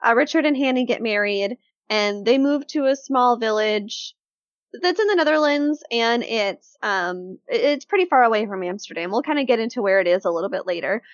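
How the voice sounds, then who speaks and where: A woman co-hosting a casual true-crime podcast, telling the case in a chatty, animated way with lots of fillers. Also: fairly high pitch, moderate pace, no echo, muffled recording.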